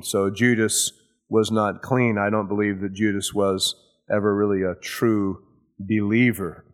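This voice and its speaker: A man preaching a verse-by-verse sermon, earnest, rising and falling in volume and acting out quotes in casual modern words. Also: on the low side. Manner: slow, earnest preaching that rises and drops in volume. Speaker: pastor. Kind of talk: sermon, verse-by-verse Bible teaching.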